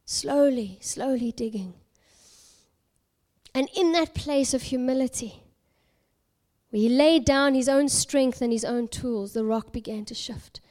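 A high-voiced woman from South Africa preaches by telling a parable. Her delivery is expressive and dramatic, and she sometimes drops to a near whisper for emphasis. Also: measured pace. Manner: expressive, dramatic storytelling with hushed whispered moments. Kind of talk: sermon storytelling.

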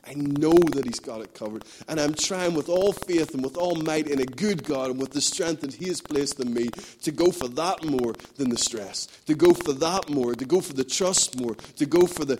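A man's voice: medium pitch, a little mellow, slight background noise. Emphatic man preaching a sermon. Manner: repetitive, emphatic preaching with a rhythmic build. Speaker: pastor.

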